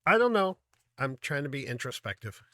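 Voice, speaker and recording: Earnest man reacting with halting emotion. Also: mid-range voice, big pitch swings, bright, forceful tone, dry recording, studio quality. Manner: earnest, halting, reflective with many fillers. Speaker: music reaction host. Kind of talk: casual reaction commentary.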